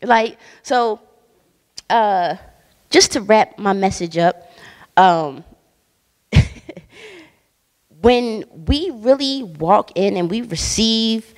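A woman minister preaching in a loose, conversational way, bold and emphatic, dropping slang and laughing between points. Her voice sits at an ordinary middle pitch. It rings out with a long church-hall reverb. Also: darkish tone. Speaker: guest minister. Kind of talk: casual conversational sermon.

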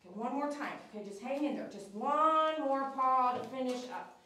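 A woman's voice: high voice, animated, normal speed, bright, forceful tone. Woman coaxing a dog, echoey room. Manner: coaxing, repeats short soothing phrases. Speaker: dog groomer. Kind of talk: soothing talk to a dog while grooming. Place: grooming salon. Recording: echoey room, distant mic, clipper buzz.

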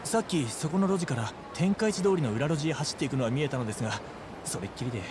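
Casting: a man as a courteous robbery victim, eager, talks very fast, game audio over street noise. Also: medium pitch, lively intonation, natural voice. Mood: earnest. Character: polite man robbed by a pickpocket. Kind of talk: video game dialogue.

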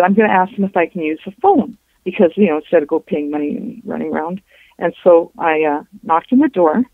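A woman, a guest on a show, recounting a personal story in a halting way, with restarts and reported dialogue. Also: on the low side, no echo. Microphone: telephone. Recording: tinny phone line.

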